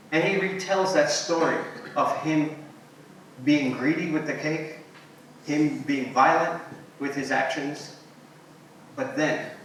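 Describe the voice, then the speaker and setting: A man giving an animated storytelling talk at a symposium, voicing quotes and dropping to soft tones. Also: fairly high pitch, far from the mic, a little hiss or hum. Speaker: invited speaker. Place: symposium hall. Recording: echoey hall, picked up from afar.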